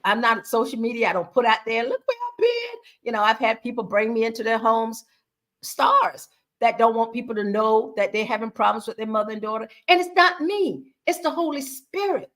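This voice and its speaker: Bright, animated woman in her sixties. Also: a little high, a little fast. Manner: animated, acts out quoted dialogue with her own voice. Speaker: guest speaker on faith and mother-daughter bonding. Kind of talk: conversational personal storytelling.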